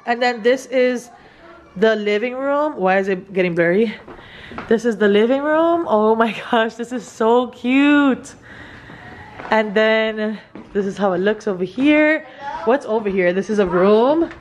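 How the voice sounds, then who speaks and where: A woman, giving an excited, gushing house tour for her vlog, filmed on a phone indoors. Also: fairly high pitch, a little slow, a little hiss or hum. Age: 30s. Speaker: vlogger. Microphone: handheld phone camera.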